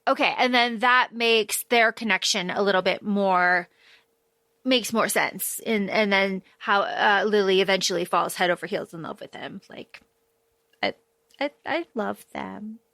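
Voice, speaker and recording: A woman co-hosting a podcast, chatting casually and gushing about a book, quoting characters in quick bursts. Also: medium pitch, fairly even intonation, gravelly, pushed and bright, no room sound. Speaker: podcast co-host. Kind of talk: casual book discussion chat.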